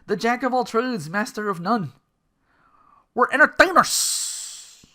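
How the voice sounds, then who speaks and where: A man's voice: high voice, moderate pace, fairly bright tone. A man hosting his own podcast, talking alone in a rambling, self-deprecating way and often tripping over his words. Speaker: podcast host. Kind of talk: casual solo podcast monologue.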